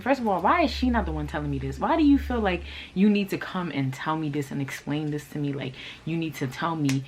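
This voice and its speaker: A woman with a deep, low voice telling a storytime vlog. She rants bluntly and profanely, sounding exasperated as she recounts the story. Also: expressive, a little fast, few pauses, husky, poor audio. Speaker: fashion channel host.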